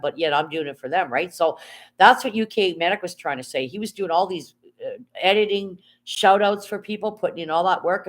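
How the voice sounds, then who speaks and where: A woman, chatting casually on a live stream, rambling, answering her chat and swearing freely. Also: deep voice.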